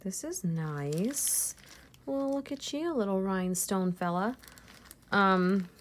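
Female vlogger, unhurried and chatty, gushes and giggles; faint hum behind. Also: mid-range voice. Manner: gushing, chatty, laughs at herself. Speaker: jewelry reseller vlogger. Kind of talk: casual unboxing chat.

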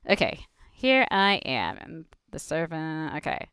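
A woman's voice: deep voice, big pitch swings, unhurried, a bit bright, smooth, dry recording. A young woman playing a horror game and joking as she talks to herself and her viewers. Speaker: game streamer. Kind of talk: casual gameplay commentary.

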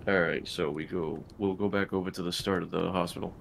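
A man's voice: low-pitched, steady tone, brisk, gravelly, fairly bright tone, a little hiss or hum. A man streaming a game, chatting casually, swearing often and talking his partner through the game. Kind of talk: casual gaming chat.

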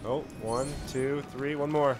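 A man's voice: medium pitch, fairly even intonation, measured pace, music in the background. A man playing a video game with a friend, teasing her and swearing a lot. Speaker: let's play co-player. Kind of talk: casual gaming chat.

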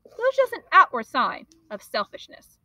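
A woman reading a storybook aloud and voicing a calm, sly old shopkeeper who speaks in an unhurried, gently lecturing way. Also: high voice, pitched above the performer's own voice, heavily acted, rough recording. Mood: explaining.

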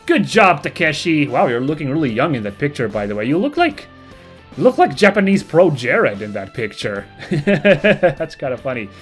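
A man's voice: mid-range voice, very animated, moderate pace, faint music behind. A young man casually commentating a game as he plays, rambling and correcting himself as he goes. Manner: rambling, self-correcting, chatty. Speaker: let's play host.

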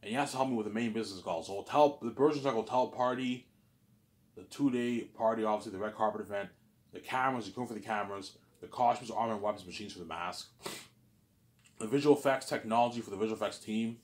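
A man rambling through a solo monologue, listing things and saying "obviously" again and again. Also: on the low side. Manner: repeats "obviously", lists things, plays both sides of a talk. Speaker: vlogger. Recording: echoey room.

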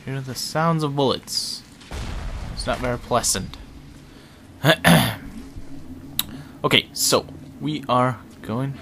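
A man's voice: medium pitch, takes it slowly, gravelly, long pauses, bright, forceful tone, slight background noise. A man giving casual let's-play commentary, jumpy and self-mocking, pleading with and talking to the game's characters. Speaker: gameplay commentator.

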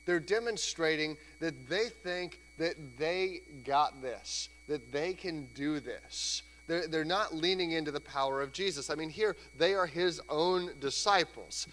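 A man preaching a sermon in a church, conversational and lively, sometimes acting out voices. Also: on the high side, measured pace, few pauses. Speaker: pastor. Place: church sanctuary. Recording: church hall reverb, faint hum.

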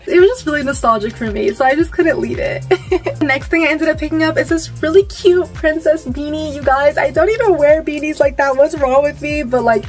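Young woman, high voice, gushing vlogger energy, soft music under her. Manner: bubbly and gushing, many fillers and squeals. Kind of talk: casual haul vlog.

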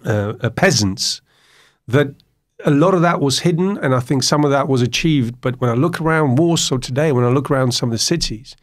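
A man's voice: mid-range voice, fairly quick. Chatty man. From Poland. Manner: animated storyteller, tags points with "yeah?". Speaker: guest. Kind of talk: radio interview conversation. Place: radio studio.

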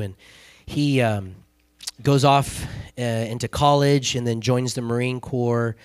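A man's voice: mid-range voice, dry recording. A male guest pastor telling a story in a sermon, chatty and casual, acting out the other people's lines. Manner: conversational, acts out quoted dialogue with laughs. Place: church sanctuary.

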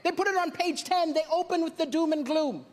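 A man's voice: extremely high pitch, fairly quick. A man from Malawi doing a stand-up comedy set on stage, delivering dry punchlines and acting out the voices he quotes. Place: large theatre stage. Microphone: stage microphone. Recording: live stage with loud crowd. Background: loud audience laughter and cheering.

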